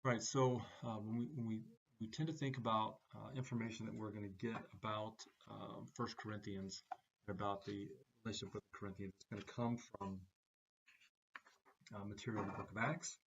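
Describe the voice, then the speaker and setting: A man giving a recorded class lecture, speaking haltingly with many "uh" fillers between phrases. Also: fairly low pitch, level tone, vocal fry, highs cut off, a little hiss or hum.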